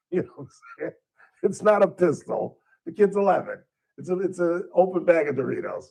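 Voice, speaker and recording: A man's voice: fairly low pitch, creaky. A man hosting a talk radio show, chatting casually and bluntly, wandering off topic and back.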